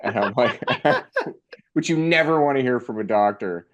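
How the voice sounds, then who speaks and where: A young man telling a funny personal story in a casual, animated way, acting out the voices of the people in it. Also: medium pitch, measured pace, muffled recording. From Canada.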